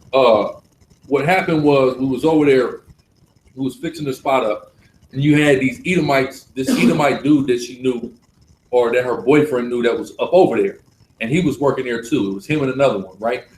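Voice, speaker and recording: A man leading a live religious class, preaching forcefully and repeating points for emphasis. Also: medium pitch, moderate pace, echoey room, a little hiss or hum, low-quality recording.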